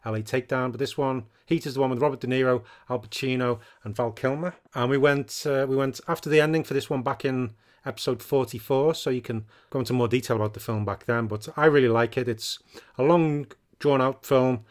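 A man's voice: medium pitch, steady tone, brisk. A man co-hosting a film podcast in casual chat, rambling with enthusiasm as he talks about films he loves. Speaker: podcast co-host.

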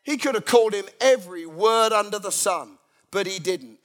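Guy preaching, high voice, jokey sermon, acts out people in little voices. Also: moderate pace. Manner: animated storytelling, acts out everyday characters. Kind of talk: humorous sermon.

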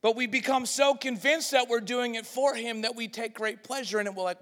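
A man preaching a sermon, moving between loud, lively passages and hushed, quiet ones, and acting out the voices he quotes. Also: very high voice, brisk. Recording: long hall reverb.

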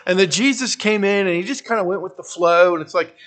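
A man preaching an expository sermon in a conversational way, dropping wry humorous asides and moving between emphatic bursts and quiet trailing phrases. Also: sits high, fast talker, few pauses. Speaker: pastor.

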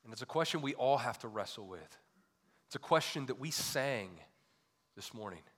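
A male pastor delivering a sermon, asking repeated rhetorical questions and swinging between loud emphatic peaks and quiet low drops. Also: expressive, normal speed. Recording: long hall reverb.

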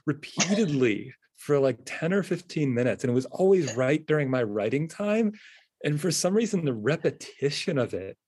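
A man co-hosting a casual chat, telling stories in a relaxed, wry way. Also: on the high side, moderate pace, slightly rough, dry recording, clean studio sound. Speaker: podcast co-host.

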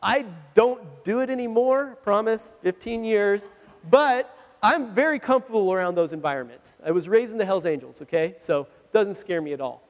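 Male pastor, high pitched, chatty and animated delivery, long hall reverb. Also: moderate pace. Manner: animated, conversational, laughs at himself. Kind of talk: sermon with personal storytelling.

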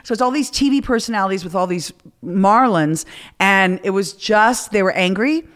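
Middle-aged woman host, casual and foul-mouthed, telling lively anecdotes in a mid-range voice. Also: mid-range voice, normal speed. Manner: profane, animated storyteller. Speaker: podcast host. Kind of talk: casual chat.

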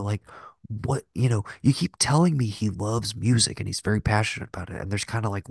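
A man's voice: on the low side, gravelly, slightly rough, no echo, clean studio sound. A man co-hosting a podcast, talking casually and rambling about films, with lots of filler words and cursing. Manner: rambling, profane, heavy filler "like". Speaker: podcast co-host. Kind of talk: casual film discussion.

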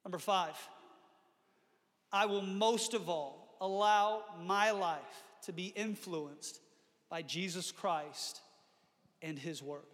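A man's voice: high voice, slow, pauses often, a bit bright, big-room sound. A man preaching a sermon as pastor, earnest, often restarting with repeated words. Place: church.

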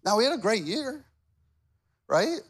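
Very high-pitched and slightly rough, this pastor in his forties speaks at a measured, sing-song pace. His sermon is chatty and self-deprecating, woven with personal stories and frequent questions to the congregation.

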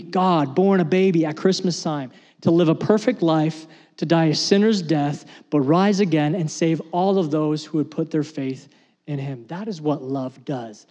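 A man's voice: a little mellow, in a large hall, highs cut off. A man preaching a sermon as pastor, emphatic and repetitive, rising to intense passages. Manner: emphatic preaching, repeating key phrases, rising to high intensity.

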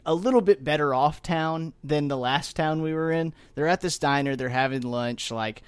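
A man with a drawl excitedly recapping a movie, jumping into the characters' voices as he goes. His voice sits a bit high for a man, and the recording is close and dry with no room sound. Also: moderate pace, clean tone, dry recording. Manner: animated retelling, acts out lines with a raised voice. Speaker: podcast co-host. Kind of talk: casual movie recap chat.

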